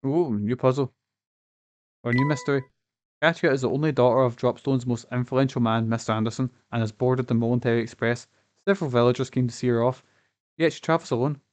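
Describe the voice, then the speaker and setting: A man's voice: medium pitch, fairly even intonation, a little fast, a little mellow. A man streaming a game, chatting casually, rambling with fillers and the odd swear. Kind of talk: casual live-stream chat. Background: game music.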